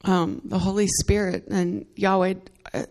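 A woman's voice: mid-range voice, little pitch movement, measured pace, darkish tone. A woman giving an earnest, emotional testimony in worship, laughing between phrases and growing more fervent as she goes. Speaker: church member giving testimony.

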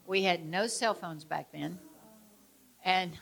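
A woman teaching about traumatic memory, illustrating it with a personal story. She tells it expressively, shifting between loud emphasis and hushed moments. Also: on the low side, takes it slowly, vocal fry. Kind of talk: personal story within a lecture.

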